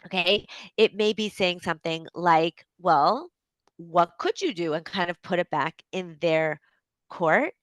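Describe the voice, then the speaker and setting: A woman with a Canadian accent hosting a solo advice podcast, talking conversationally with frequent fillers and a gentle, reflective manner. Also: lowish voice, measured pace, clean tone, dry recording. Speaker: podcast host and coach.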